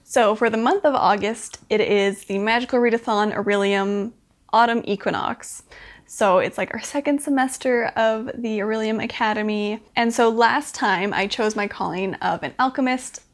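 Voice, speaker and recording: A woman's voice: fairly high pitch, normal speed. A young woman talking casually to camera as a book vlogger, chatty and upbeat, with lots of fillers.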